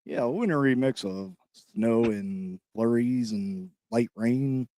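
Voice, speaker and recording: A man hosting a casual sports podcast, talking in hyped-up slang and shouting out people in the chat. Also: medium pitch, slow pace. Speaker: podcast host. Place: New York.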